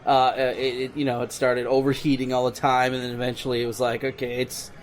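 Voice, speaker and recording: Easygoing, chuckling podcast co-host. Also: male voice, mid-range voice, monotone. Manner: laughs easily, halting restarts. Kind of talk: casual chat.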